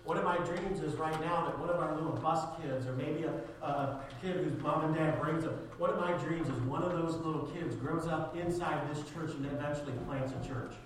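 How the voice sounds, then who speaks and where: A man's voice: fairly high pitch, moderate pace, few pauses, slight background noise. A man preaching a sermon as a pastor, with a sarcastic streak, building to fervent emphasis. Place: church sanctuary. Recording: echoey church hall, distant mic.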